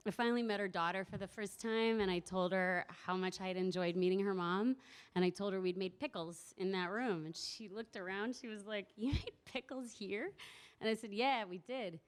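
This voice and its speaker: A woman's voice: mid-range voice, normal speed, clean tone. A young woman telling a personal story to a live audience at a community event, now and then laughing and acting out voices. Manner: warm, laughing, acts out voices in quotes.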